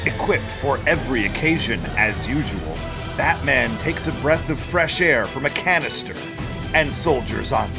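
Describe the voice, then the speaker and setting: A man's voice: mid-range voice, expressive, normal speed, vocal fry, over music. A man co-hosting a comedy show, narrating and bantering in a pompous, self-important manner. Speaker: co-host.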